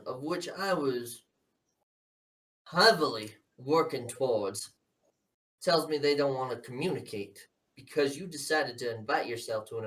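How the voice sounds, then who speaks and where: A man's voice: medium pitch, fairly bright tone. A man voicing a stern, scheming older politician who coldly lectures and threatens his son, recorded somewhat far from the mic. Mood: scolding. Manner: cold, menacing, lecturing.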